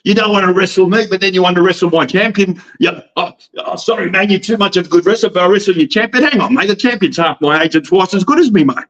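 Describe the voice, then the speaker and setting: Cocky high-voiced Australian promoter man. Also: fast, hardly any pauses, lo-fi sound. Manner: calls everyone mate, loud and cocky. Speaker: wrestling promoter guest. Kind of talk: brash boastful banter.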